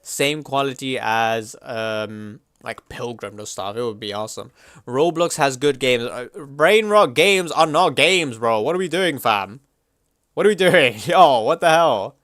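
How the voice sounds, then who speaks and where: A young man livestreaming, chatting casually and reacting to chat in a slangy, animated way. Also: mid-range voice, measured pace, no echo, studio quality.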